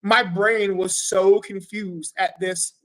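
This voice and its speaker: Speaking slowly in a high-pitched voice, a man recalls a fight as a podcast guest, and the recording is rough. The chat is casual, and he swears often while animatedly performing his own quotes.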